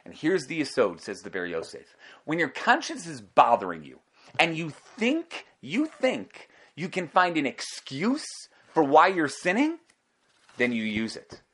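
Animated man giving a Torah class. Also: a little high, a little slow, husky. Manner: animated, with rhetorical questions. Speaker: Torah teacher.

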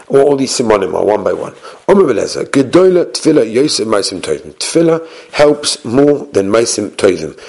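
A man teaches a Talmud lesson, reading the Hebrew and Aramaic source text and then explaining it in English, often hesitating and restarting. His mid-range voice is creaky and darkish with a breathy edge.

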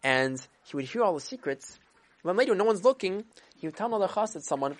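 A woman's voice: on the low side, animated, fast. A woman telling a story to children, dramatic and full of acted voices. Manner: dramatic, with sound effects and voices. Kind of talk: animated storytelling.

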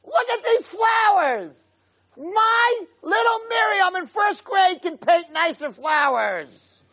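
A man voicing a loud, pushy old Jewish lady tourist who shouts her complaints. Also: extremely high pitch, very animated, slow, pitched above the performer's own voice, full character voice. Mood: shrill complaining.

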